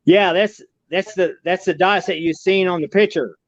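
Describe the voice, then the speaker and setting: Rambling high-voiced man. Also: moderate pace, no room sound, lo-fi sound. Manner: rambling, repeats "she said" often, folksy. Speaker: podcast guest recounting an alien encounter. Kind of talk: casual storytelling.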